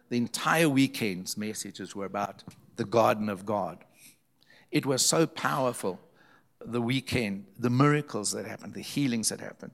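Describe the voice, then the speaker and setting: Low, gravelly-voiced preacher telling a story. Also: male voice, normal speed, fairly bright tone. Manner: earnest, repeats phrases for emphasis. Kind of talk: storytelling testimony.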